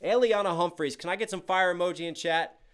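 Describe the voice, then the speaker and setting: A man's voice: high-pitched, fast talker, smooth. A young man hosting a casual livestream, reading out donations and chat messages with upbeat energy, a little tired. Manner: upbeat, hyped shout-outs to chat. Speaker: livestream host.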